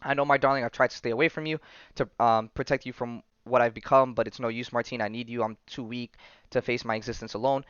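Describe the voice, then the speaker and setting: A man voicing a brooding male vampire scientist, reading his lines aloud in an earnest, halting way with a slightly muffled sound. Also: mid-range voice, fairly even intonation, a bit bright, clear, resonant tone, dry recording, close to an everyday voice. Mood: pleading. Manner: earnest, halting dramatic read-through.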